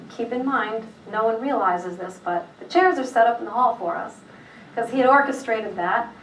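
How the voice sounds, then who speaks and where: A middle-aged woman recounts a personal story of faith, her telling loose and rambling, full of pauses, fillers and restarts. Her voice carries a mid-range pitch and sounds set back from the mic in a room with a noticeable echo, with a faint hum underneath. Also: fairly bright tone. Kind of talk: personal testimony, casual retelling. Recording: echoey room, voice from a distance.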